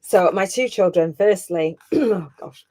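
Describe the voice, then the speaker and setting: Host: middle-aged woman, low-pitched, emotional and chatty coach running a live masterclass. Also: unhurried, warm tone. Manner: heartfelt and chatty, close to tears.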